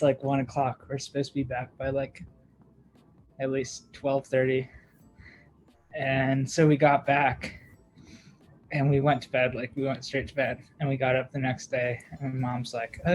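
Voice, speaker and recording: A man's voice: medium pitch, low-quality recording. A young man, a podcast co-host, telling a long story in casual chat, with lots of fillers, "like" and laughter. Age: young adult.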